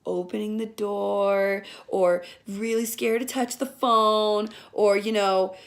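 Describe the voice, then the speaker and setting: A young woman in her twenties giving a sarcastic, profane comedic movie review, often mocking the characters in shrill voices. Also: steady tone, slow. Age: young adult.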